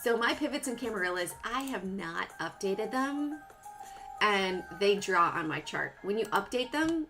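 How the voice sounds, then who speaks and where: A woman's voice: mid-range voice, lively intonation, a little slow, bright, forceful tone. A woman hosting a live stock trading stream, chatting casually and playfully with viewers while she works through her charts. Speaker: livestream stock trading host. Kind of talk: casual live market commentary. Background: music.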